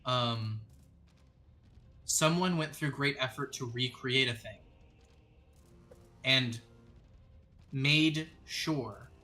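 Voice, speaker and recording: Bright-voiced man narrating as game master. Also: mid-range voice. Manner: descriptive, measured storytelling with sudden quick asides. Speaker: dungeon master.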